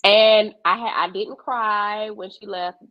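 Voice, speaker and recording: A woman, co-hosting a casual podcast chat and telling stories with animated, acted-out quotes. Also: takes it slowly, no echo. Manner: animated storyteller, voices quotes with big pitch jumps. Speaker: podcast co-host. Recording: dull lo-fi sound.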